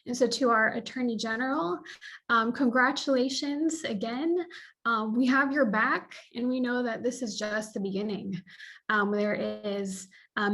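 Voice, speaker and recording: Woman, mid pitch, speech of thanks, video call, filler-heavy delivery. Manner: warm thanks, many fillers. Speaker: local club representative. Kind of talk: speech at a virtual celebration.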